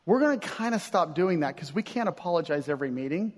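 Casual, animated pastor preaching in a reverberant hall. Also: male voice, on the high side, fast. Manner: conversational, animated preaching with casual slang and acted-out quotes. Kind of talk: sermon.

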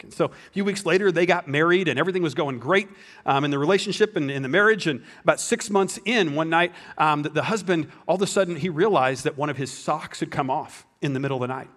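Pastor with a somewhat high voice. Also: male voice, fast, a bit bright. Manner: storytelling, joking, many restarts. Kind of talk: sermon.

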